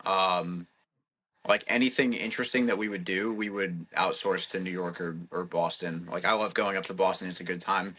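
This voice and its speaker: Deep-voiced young man, rambling. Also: fairly even intonation, normal speed, pushed and bright. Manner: rambling, heavy filler words. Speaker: podcast guest. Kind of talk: casual chat.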